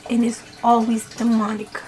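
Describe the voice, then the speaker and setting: A woman's voice: on the high side, completely flat delivery, normal speed, darkish tone. Emphatic woman telling a scary story. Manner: dramatic, emphatic retelling with swearing. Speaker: vlogger. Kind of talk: storytime vlog.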